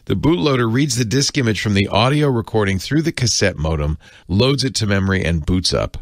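Chatty male tech commentator, low voice, lively swings, dry close mic. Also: fairly quick, no room sound. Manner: chatty, jokey, does silly voices for gadgets.

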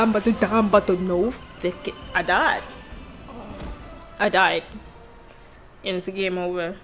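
A woman giving excitable let's play commentary as host of a gaming channel, with loud outbursts and swearing. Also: medium pitch, normal speed, pauses often, soft background music.

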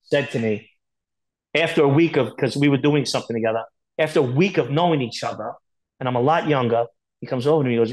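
Male guest, speaks fast, blunt and profane, rambling candid storyteller. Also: medium pitch, a little mellow, rough recording. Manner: rapid, blunt, profane, filler-heavy storytelling. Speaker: podcast guest.

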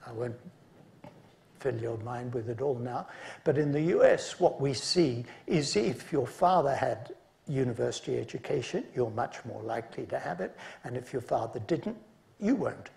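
Gravelly man giving a conference lecture. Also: medium pitch, expressive, a little mellow. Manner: measured, with dry asides. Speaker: conference speaker.

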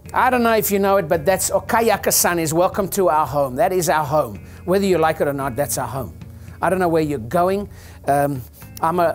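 An older man, a chiropractor, giving an informal talk to an audience in a rambling, joking, preacher-like way. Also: high voice.

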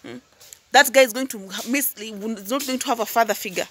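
Husky, fairly high, and fairly quick, a Tanzanian woman's voice drives her impassioned YouTube reaction commentary. She fires rhetorical questions, pokes with "hmm?" and "huh?", and repeats words when heated before slipping into calmer asides.

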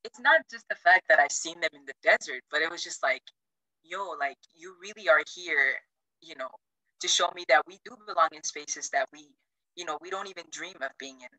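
A woman's voice: a little fast, no echo, rough recording. A woman from Chuuk in Micronesia, telling a travel story in a casual way on a video call. She acts out the quotes with big jumps in her voice and uses a lot of "like". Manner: animated, acts out quotes with big pitch jumps, many "like" fillers.

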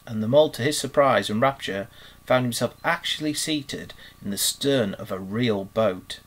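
A teacher reading a storybook aloud. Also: male voice, medium pitch, poor audio. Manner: measured, expressive storytelling. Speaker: primary school teacher. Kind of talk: reading a children's book aloud.

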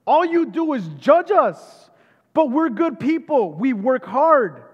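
A man's voice: very high voice, sing-song, takes it slowly, highs cut off, voice pushed up, heavily acted. A pastor acting out an indignant, defensive worldly man. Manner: defensive, self-justifying, raised voice. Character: indignant worldly adult complaining about church judgment. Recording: long hall reverb.

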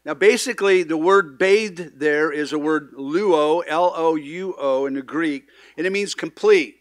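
A man's voice: on the high side, a little slow, hardly any pauses, no room sound, studio quality. Earnest man preaching a casual sermon. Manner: conversational preaching with frequent restarts and asides; acts out quoted lines with sudden loud emphasis. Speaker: pastor. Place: church sanctuary.

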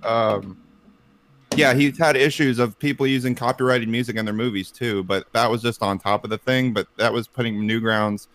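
A man's voice: fairly even intonation, normal speed, fairly bright tone. A man telling a story on a casual group podcast, rambling with lots of fillers and restarts. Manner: puts on silly high cartoon voices.

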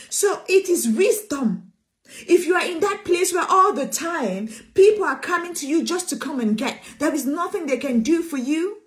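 A woman's voice: high-pitched, expressive, normal speed. A woman preacher, preaching an emphatic sermon, repeating phrases and calling listeners sweetheart.

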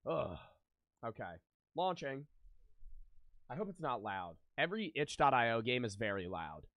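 A man's voice: mid-range voice, sing-song, normal speed, dull audio. A young man livestreaming a game, chatting casually with viewers and swearing freely as he plays. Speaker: streamer. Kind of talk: live gameplay commentary. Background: game music.

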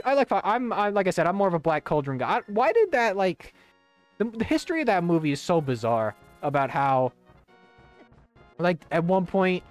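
Rambling young man streaming a game. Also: fairly high pitch. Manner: rambling, profane, full of fillers and restarts. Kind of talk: casual commentary while gaming. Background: faint game music.

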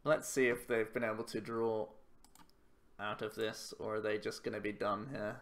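A man's voice: on the low side, flat delivery, moderate pace. A man giving casual commentary while playing a card game, thinking aloud in a chatty, self-mocking way. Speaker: YouTube card game player.

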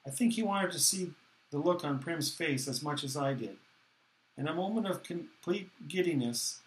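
A man reading a novel aloud in the first person, steady and plain, with small restarts. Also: fairly high pitch. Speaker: audiobook reader. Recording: echoey room.

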